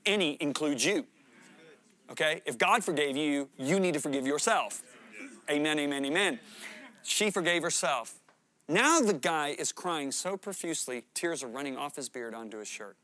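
A man's voice: a little high, lively intonation, moderate pace, bright, forceful tone. A man preaching a sermon, telling a story earnestly and emphatically, sometimes repeating words as he builds to a point. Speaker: guest preacher.

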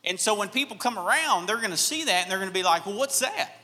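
A man's voice: high-pitched, lively intonation, fast talker, pushed and bright, long reverb tail. A man from Alabama with a light Southern accent, preaching a sermon with folksy, self-deprecating storytelling. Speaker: pastor.

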